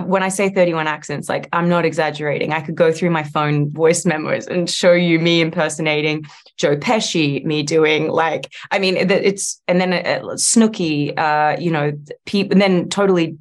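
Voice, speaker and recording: An Australian woman with a low voice chats freely in an interview. She talks in quick, looping sentences, stacking fillers and restarts as she thinks aloud. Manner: chatty, lots of likes and restarts, animated. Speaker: actress guest. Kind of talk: casual interview chat.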